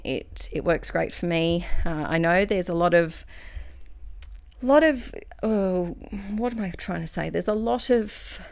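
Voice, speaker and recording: A woman's voice: fairly low pitch, clear, resonant tone. A young Australian woman narrating her scrapbooking video in a chatty, rambling way, restarting phrases and slightly out of breath. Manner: chatty, rambling, self-correcting. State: a little out of breath. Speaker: craft vlogger.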